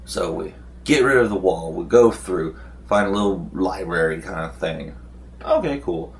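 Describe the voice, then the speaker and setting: A male vlogger with a low voice, lively intonation, and vocal fry talks at normal speed through a casual recap of a tabletop game. He wanders through the story, using fillers and starting over now and then.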